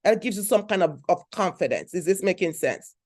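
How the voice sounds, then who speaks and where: A woman's voice: on the low side, lively intonation, a little fast, darkish tone. A woman giving an emphatic motivational talk, repeating her points and checking in with the audience. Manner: emphatic, repeats phrases, asks the audience questions. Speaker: speaker at a conference.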